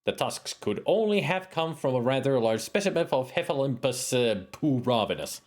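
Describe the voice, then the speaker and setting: A man's voice: mid-range voice, very animated, moderate pace, a little mellow. A man streaming a game, reading its text aloud and joking about his own accents. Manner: joking, self-mocking asides. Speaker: streamer playing a video game.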